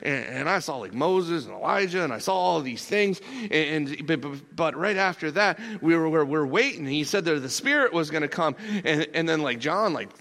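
A man performing a burly, blunt apostle in a rambling, excitable first-person sermon monologue. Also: on the high side, normal speed, creaky. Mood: excited. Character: burly rough-talking apostle Peter, impulsive and blunt.

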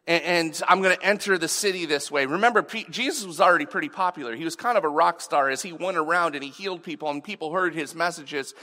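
A man's voice: on the high side, quick pace, few pauses, sharp tone. A man preaching a sermon, earnest and storytelling, with frequent restarts. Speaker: pastor. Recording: long hall reverb.

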